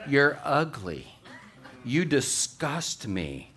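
A man voicing a foul-mouthed pet parrot that slowly spits out insults in a joke told from the pulpit. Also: medium pitch, sing-song, fairly bright tone, full character voice. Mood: insulting.

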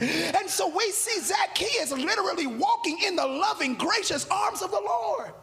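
A man a sermon to his congregation, shouting and half-singing his lines, often dropping to a quiet, close tone. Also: very high voice, animated, normal speed, vocal fry, hardly any pauses. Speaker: pastor. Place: church sanctuary.

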